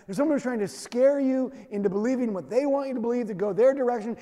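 A man's voice: very high voice, fast, few pauses, dark tone, long reverb tail. A man preaching a sermon in a conversational, emphatic way, with self-deprecating humor. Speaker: pastor.

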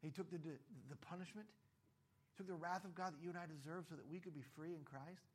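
Animated higher-voiced male preacher. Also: fast talker, slightly rough. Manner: animated, acts out voices of the story's characters, rhetorical questions. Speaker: pastor. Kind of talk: sermon.

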